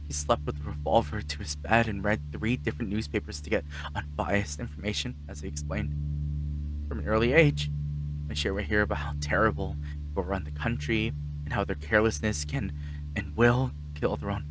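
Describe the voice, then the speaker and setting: Low-voiced man reading a visual novel. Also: fairly even intonation, fairly quick. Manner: reads narration aloud with reactions. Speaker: streamer. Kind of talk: visual novel playthrough and narration. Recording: music playing underneath.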